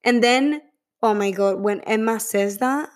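A woman's voice: fairly high pitch, a little slow. Gushing woman vlogger. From Spain. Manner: gushing, profane, chatty. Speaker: vlogger reviewing a film. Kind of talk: casual chat.

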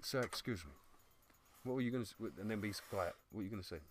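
A man, a podcast host in casual banter, building up a comic scenario with drawn-out detail. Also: fairly low pitch. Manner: builds scenarios, acts out posh politeness.

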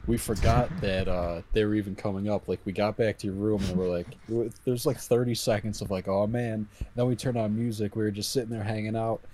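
Young male guest, lowish voice, faint hiss behind, deadpan one-liners. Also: brisk, hardly any pauses. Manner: dry, adds wry punchlines. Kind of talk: casual chat.

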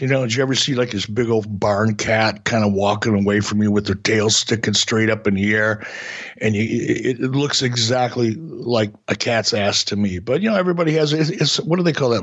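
Middle-aged man, husky voice, slightly dull lo-fi sound, sarcastic rambling podcast chat. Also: on the low side. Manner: rambling, stammering restarts, wry sarcastic humor. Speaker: podcast co-host.

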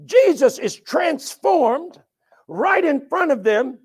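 A preacher with a strikingly high voice for a man leads a sermon, calling on the congregation to answer back. He bursts into sudden shouts, then drops to a near murmur. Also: sing-song, slow pace. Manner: emphatic, swings from sudden shouts to hushed asides. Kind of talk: sermon with call and response.

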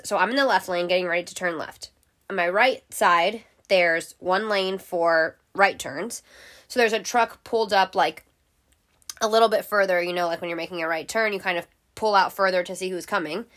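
A woman's voice: mid-range voice, a bit bright. A young woman hosting a podcast, telling a story in a casual, chatty way and swearing freely. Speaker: podcast host.

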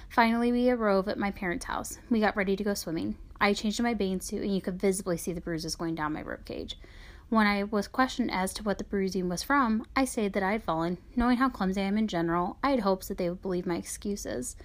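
A woman reads a personal memoir aloud at a middling pitch. Her delivery is quiet and subdued. At times it sinks nearly to a whisper. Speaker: author reading her own memoir.

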